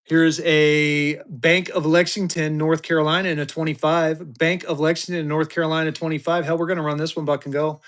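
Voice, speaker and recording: A man in his fifties running a live-stream auction, talking fast and joking through his patter. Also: on the high side. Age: 50s. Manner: energetic, joking, drawling "y'all" asides.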